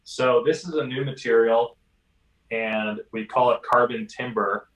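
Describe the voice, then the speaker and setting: A man being interviewed about his company's products, speaking easily with many pauses and restarts. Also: medium pitch, fairly even intonation, fairly bright tone. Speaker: interviewee from an instrument maker. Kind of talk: recorded interview. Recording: roomy, distant mic.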